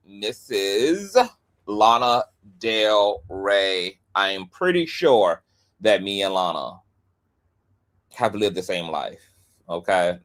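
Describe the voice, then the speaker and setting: A man hosting a livestream in a chatty, animated way, with playful asides and quick rundowns of channel plugs. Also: lowish voice. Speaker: host. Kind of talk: casual livestream commentary.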